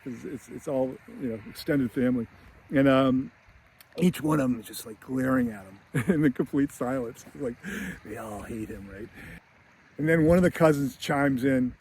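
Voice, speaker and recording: A man's voice: mid-range voice, moderate pace, a little mellow, slight background noise. A man casually retelling a film scene in a chatty way, laughing often and using many fillers. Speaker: screenwriting commentator.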